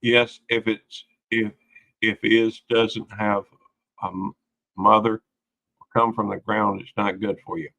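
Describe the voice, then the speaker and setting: Low, bright-voiced man chatting on a livestream. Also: steady tone, slow pace, vocal fry, poor audio. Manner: rambling, folksy, greets viewers by name. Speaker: livestream host. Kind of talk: casual late-night livestream chat.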